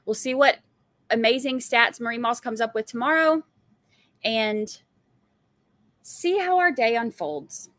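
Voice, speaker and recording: Woman, chatty, giggly, rambling, tired, fairly high voice, dry close sound. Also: animated, a little slow, long pauses, fairly bright tone, no echo. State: sleep-deprived. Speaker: livestream host. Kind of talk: casual chat.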